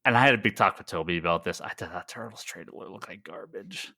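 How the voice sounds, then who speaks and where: Podcast co-host, male, low and forceful, rambles excitedly, dry close sound. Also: fast talker, vocal fry, no echo. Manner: rambling, restarts sentences, excitable. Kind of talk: casual chat.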